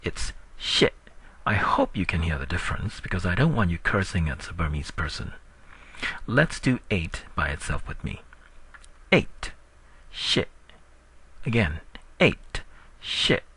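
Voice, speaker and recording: A man teaching a recorded language lesson, drilling words slowly and patiently. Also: husky. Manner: slow, patient drilling with lively pitch.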